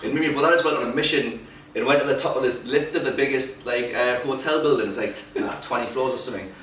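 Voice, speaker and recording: Man, podcast co-host, quick sweary storytelling, echoey room, mic set back. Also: medium pitch, recorded from a distance, a little hiss or hum. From England. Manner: sweary, animated anecdotes. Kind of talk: casual storytelling chat.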